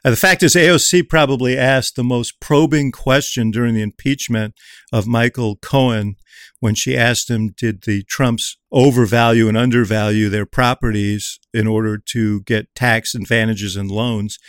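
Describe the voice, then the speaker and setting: A man's voice: mid-range voice, fairly even intonation, normal speed, a bit bright, smooth, no echo, clean studio sound. A man in a political panel discussion, chatty and anecdotal. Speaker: political commentator.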